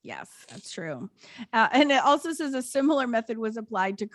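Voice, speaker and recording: A woman's voice: a little high, very animated, no room sound. Giggly sarcastic woman podcast host. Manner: giggly, sarcastic, quick asides. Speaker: podcast co-host presenting research. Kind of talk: casual podcast chat.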